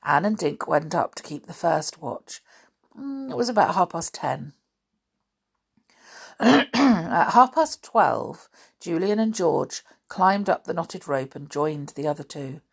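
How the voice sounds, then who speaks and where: Reading a children's adventure novel out loud, a woman with a low, animated voice speaks at normal speed. She adds chatty asides along the way and clears her throat a lot.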